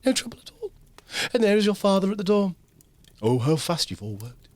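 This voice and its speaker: A man voicing a weary, gentle mother in a tipsy comic reading of a classic storybook. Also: high-pitched, sing-song, fairly quick, no room sound, voice pushed up. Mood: tender. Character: weary gentle mother, middle-aged woman.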